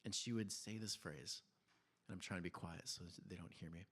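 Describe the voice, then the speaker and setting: A man in his thirties preaching a sermon in a church, telling family stories in a conversational, animated way with laughs and quiet asides. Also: deep voice, moderate pace, breathy edge. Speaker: pastor.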